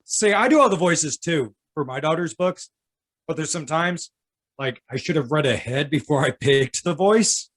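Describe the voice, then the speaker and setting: A man's voice: fairly high pitch, expressive, normal speed, fairly bright tone. A man co-hosting a casual chat in a laid-back, joking way, swearing casually. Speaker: podcast co-host and father.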